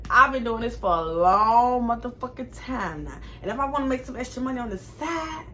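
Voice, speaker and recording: A woman in her twenties telling a casual storytime to camera, chatty and animated, swearing freely. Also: fairly high pitch, fairly quick, slight background noise. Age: 20s. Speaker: vlogger.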